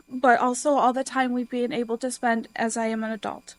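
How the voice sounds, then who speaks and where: A woman's voice: a little high, little pitch movement, moderate pace. A woman from the congregation reads a prepared personal tribute from the front of the church, earnest and emotional. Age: adult. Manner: earnest, emotional, tearful at times. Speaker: congregation member giving a tribute. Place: church sanctuary.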